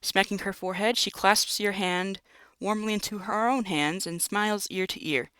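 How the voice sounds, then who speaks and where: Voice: mid-range voice, steady tone, moderate pace, pushed and bright, clear, resonant tone, dry recording, rough recording. A host reading a text-based game aloud, breaking in with wry jokes and asides. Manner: wry, jokey, self-interrupting. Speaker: narrator and let's-play host.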